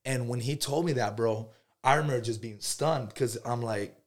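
A man's voice: medium pitch, normal speed. A man guest on a podcast telling a personal story in a casual, slangy way. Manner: animated and slangy, calls listeners bro.

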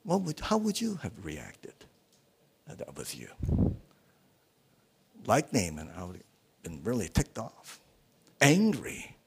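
A male guest preacher gives a sermon at a small church. He speaks slowly, in a husky voice whose pitch rises and falls widely. He halts often with fillers and keeps asking the congregation rhetorical questions. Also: huge pitch swings, darkish tone.

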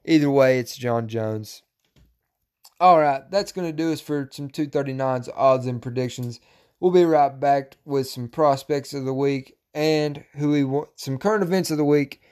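A man hosting a combat-sports podcast, talking casually and profanely, breaking into loud, animated rants. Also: mid-range voice, normal speed. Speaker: podcast host.

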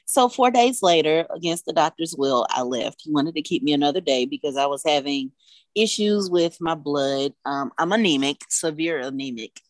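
Low-voiced woman. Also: normal speed, no echo. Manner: candid, emotional, frequent "um" and "like". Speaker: mother telling her story. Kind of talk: personal storytelling.

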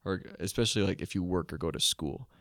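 Deep, gravelly young man musing. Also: fast, a bit bright, dry recording, studio quality. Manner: thoughtful, hesitant, searching for words. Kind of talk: casual conversational chat.

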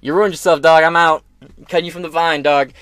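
A man's voice: a little high, fairly even intonation, a little fast, fairly bright tone, smooth, no room sound, studio quality. A man hosting a podcast who rants brashly and sarcastically with constant swearing. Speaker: podcast host. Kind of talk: crude political rant.

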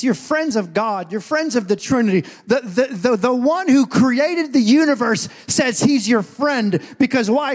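A pastor delivers a sermon in a very high voice, telling stories and acting out scenes as he swings between quiet asides and loud points.

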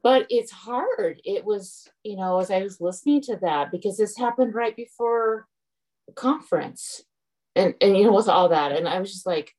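A woman's voice: mid-range voice, moderate pace, darkish tone, rough recording. A middle-aged woman telling a frank, exasperated personal story to a group. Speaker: group member sharing. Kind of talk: casual personal sharing.

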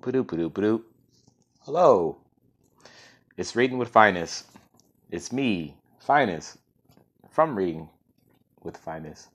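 A man's voice: low voice, very animated, slow pace, pauses often, fairly bright tone, husky. A man hosting his own podcast, casually reading a story aloud and often stumbling over and correcting words. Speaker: podcast host and reader.

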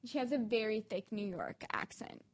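A woman co-hosting a podcast in a fairly high voice. She rambles through stories in easy, casual chat and slips in dry, sarcastic jokes. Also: normal speed. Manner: chatty, dry sarcastic humor. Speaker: podcast co-host.

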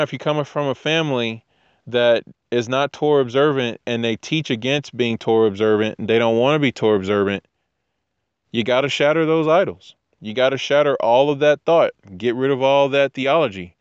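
A man's voice: medium pitch, brisk, clear, resonant tone, no echo, dull audio. A man giving casual scripture teaching with jokey asides, rambling tangents and frequent restarts. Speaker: teacher of Torah.

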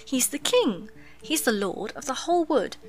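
A woman's voice: sits high, very animated, normal speed, pitched above the performer's own voice. A woman voicing a gloomy, earnest male beaver in a storybook reading, confiding and dramatic. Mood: eager.

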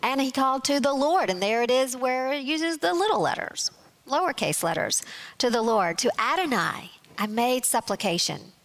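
A woman teaching a Bible study, explaining scripture in a measured way and reading verses aloud. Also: sits high, lively intonation, fairly bright tone.

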